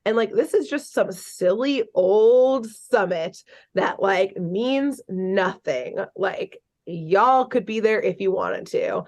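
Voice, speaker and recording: A woman's voice: medium pitch, slow pace. Woman podcast host retelling a cartoon ep, super casual, says like a lot, does little voices for the characters. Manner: animated storytelling, lots of "like", acts out characters' lines. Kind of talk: casual chat.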